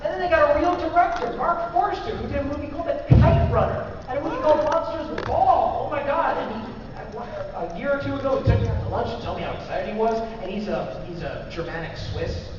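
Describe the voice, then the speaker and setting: Animated joking man in a big echoey hall. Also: very high-pitched, a little fast, few pauses. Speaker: author speaking at a convention panel. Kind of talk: casual convention talk to an audience. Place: large convention hall. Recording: echoey hall recorded from far off, dull and noisy.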